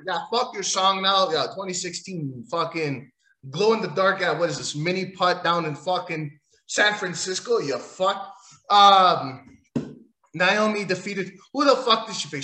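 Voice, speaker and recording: Brash man with a high, bright voice, ranting casually about wrestling in an echoey room. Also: moderate pace. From Italian heritage. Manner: rambling, crude, mocking, bursts into shouting. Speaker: wrestling commentator. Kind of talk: profane casual wrestling recap.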